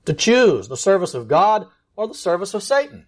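A man preaching a sermon in an earnest, emphatic way, slowing down to stress key words. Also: high voice, big pitch swings.

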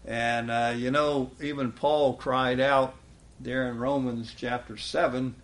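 A man's voice: medium pitch, animated, measured pace, vocal fry. A man preaching a sermon in a folksy way, chuckling often and quoting scripture with rising emphasis.

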